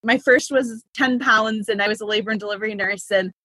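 A woman's voice: fairly high pitch, steady tone, a little fast, bright, forceful tone, husky, dry recording. A woman in her thirties, a midwife, chatting as an interview guest with loose fillers and easy laughs. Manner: chatty, laughs between thoughts, many "like" fillers. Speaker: midwife and business consultant.

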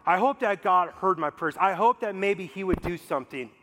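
High-voiced male preacher in a reverberant hall. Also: normal speed, fairly bright tone. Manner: conversational preaching, rhetorical questions, acts out voices. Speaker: pastor. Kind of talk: sermon. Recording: long reverb of a large hall.

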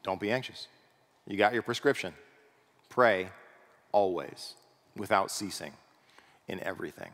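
A pastor preaching a sermon in a conversational way, often checking in with the congregation through rhetorical questions. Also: male voice, low-pitched, measured pace, long pauses, fairly bright tone. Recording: long reverb of a large hall.

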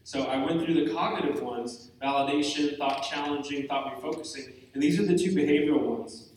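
A man's voice: on the high side, brisk, a little mellow, recorded from a distance, a little hiss or hum. Joking man speaking in an echoey hall. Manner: candid, joking, self-deprecating. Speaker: retreat speaker. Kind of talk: talk to a live group. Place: large room with an audience. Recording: echoey hall, mic from afar.

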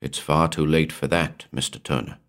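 A man voicing an eerie blank-faced male hotelier in a horror audiobook, speaking in hollow, monotonous, formal tones. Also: a bass voice, clear, resonant tone. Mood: ominously soothing. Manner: measured, formal, softly commanding.

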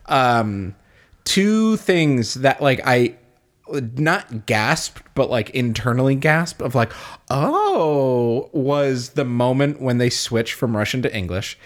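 Man, casual movie chat, lively swooping voice, laughs a lot, acts out reactions. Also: medium pitch, slow pace. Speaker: podcast co-host.

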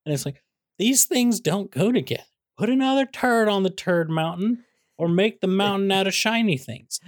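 A man's voice: high-pitched, lively intonation, normal speed, no room sound, clean studio sound. A man co-hosting a casual comedic movie chat, teasing his co-host with mock exasperation. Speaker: podcast co-host.

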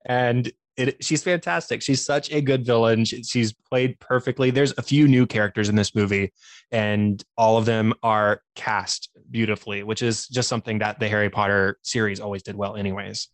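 A man's voice: fairly low pitch, fairly even intonation, moderate pace, no room sound. A man talking casually on a podcast, analyzing a film with enthusiasm and frequent laughter. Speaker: podcast co-host or guest, teacher by day.

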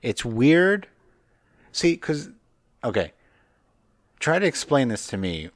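A man's voice: mid-range voice, very animated, slow, no echo. A man in casual chat, blunt and questioning, swearing now and then. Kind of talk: casual chat about pro wrestling.

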